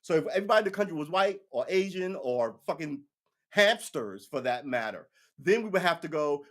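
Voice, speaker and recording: Brisk and a bit bright, his fairly high voice bounces with lively intonation. The live-stream political commentator delivers a rambling, profane, opinionated take on current events, putting on voices to mock people.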